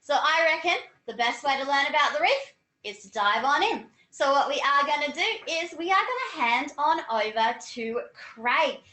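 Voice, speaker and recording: A woman, hosting a live educational webinar in a slow, friendly way. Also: sits high, expressive, bright, forceful tone, echoey room, rough recording. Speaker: education host.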